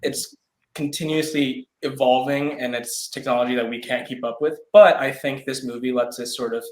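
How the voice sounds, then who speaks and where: A man's voice: medium pitch, fairly even intonation, normal speed. A young man, an actor, speaking earnestly in an interview, hesitant and full of fillers. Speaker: actor guest. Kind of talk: interview conversation. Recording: roomy echo.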